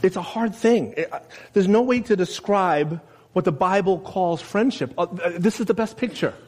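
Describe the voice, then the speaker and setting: A man preaching a sermon in a conversational way, asking his listeners questions and loudly acting out the quotes he reads. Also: high voice, moderate pace. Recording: long reverb of a large room.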